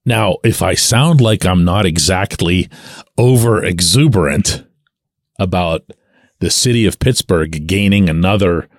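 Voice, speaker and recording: A man hosting his own sports podcast, talking through hockey news in a measured, conversational, explanatory way. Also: deep voice, dry recording, clean studio sound. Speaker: sports columnist and podcast host. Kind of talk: solo sports podcast commentary.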